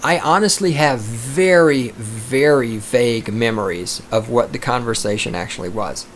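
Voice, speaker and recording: A man hosting a podcast, delivering a profane, combative rant that swings into loud outbursts. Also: mid-range voice, normal speed, a little hiss or hum. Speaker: podcast host. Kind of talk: profane ranting monologue.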